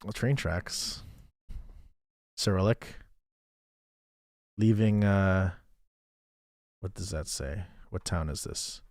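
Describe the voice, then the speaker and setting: A man's voice: sits low, takes it slowly, pauses often, darkish tone, no room sound, clean studio sound. A man streaming a geography game, thinking aloud in a chatty way and thanking viewers as he plays. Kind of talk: casual live-stream game commentary.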